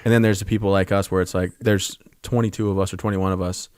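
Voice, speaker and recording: A man's voice: sits low, level tone, a little mellow, no room sound, clean studio sound. A man in his thirties, an army veteran and podcast guest, telling stories casually and acting out the lines of people in them. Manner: fast-talking, acts out quoted dialogue in his stories. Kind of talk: casual interview storytelling.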